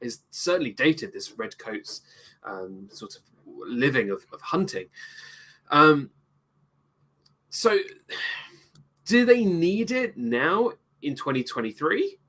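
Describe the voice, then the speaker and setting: A man's voice: fairly high pitch, sing-song, slow pace, long pauses, a bit bright. A British man co-hosting a casual movie review, speaking thoughtfully and rambling with many restarts. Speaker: co-host, film reviewer.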